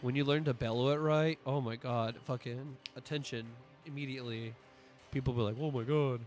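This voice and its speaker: A man's voice: mid-range voice, fairly even intonation, a little fast, a little mellow, soft background music. A man streaming, telling rambling, profane stories in casual chat, his voice a little strained from allergies.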